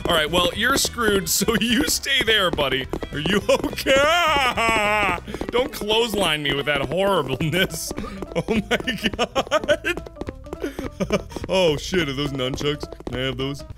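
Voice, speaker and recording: A young man in his twenties giving excitable let's-play commentary, swearing and bursting into laughter. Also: high voice, slow pace. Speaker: gaming video host. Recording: game music behind.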